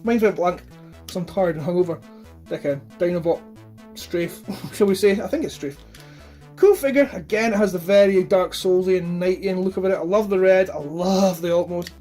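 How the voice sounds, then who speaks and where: A man's voice: high-pitched, moderate pace, dark tone, soft background music. A man chatting casually about his toy collection, rambling and blunt with plenty of swearing. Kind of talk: casual chat.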